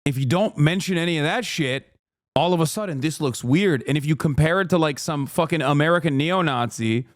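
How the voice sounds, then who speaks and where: A man's voice: fairly high pitch, fairly quick, no echo, clean studio sound. A man streaming, ranting with heated, profane sarcasm while reacting to a clip.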